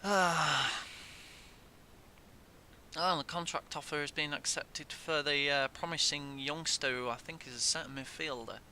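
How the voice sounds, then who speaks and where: A man's voice: steady tone, moderate pace, few pauses, sharp tone. A young man giving casual gameplay commentary, swearing in frustration at the game. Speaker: gaming YouTuber. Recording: faint noise and low rumble.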